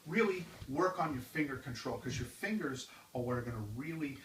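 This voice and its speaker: A man's voice: mid-range voice, expressive, a little fast, slight background noise. Man teaching drum rolls, roomy distant sound. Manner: counts off exercises loudly between explanations. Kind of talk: instructional demonstration. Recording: roomy, distant mic with loud drumming. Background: drums.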